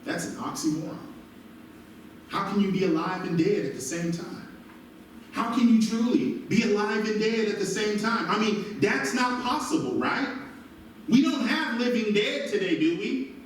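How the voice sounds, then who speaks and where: A male pastor preaching an animated sermon, recorded from a distance in a church. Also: high-pitched, moderate pace, slight background noise. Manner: animated preaching with call-and-response asides. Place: church sanctuary. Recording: very echoey church from far off.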